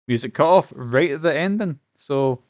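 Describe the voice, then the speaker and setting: A man's voice: a little high, lively intonation, normal speed, darkish tone, no room sound, lo-fi sound. A man streaming a game, chatting casually, rambling with fillers and the odd swear. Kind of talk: casual live-stream chat. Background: game music.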